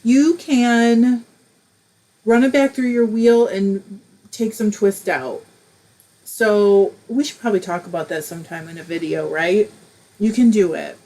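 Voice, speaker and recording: A middle-aged woman talks casually to her livestream viewers from a home craft room, her voice at an ordinary middle pitch. She sounds emotional and close to tears at times, then laughs it off and keeps going. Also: a little slow, dark tone, rough recording. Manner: emotional, tearful at moments, laughing it off. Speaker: host of a live crafting stream. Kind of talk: casual livestream chat, reading comments aloud.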